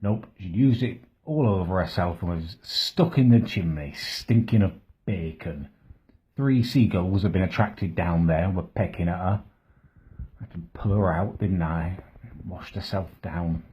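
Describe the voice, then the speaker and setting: An actor playing a crude, self-pitying middle-aged bloke who talks to camera in a rambling, matter-of-fact deadpan, muttering asides under his breath. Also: deep voice, unhurried, slightly rough, dull audio, full character voice. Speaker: comedy vlogger character. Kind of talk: deadpan comic monologue to camera.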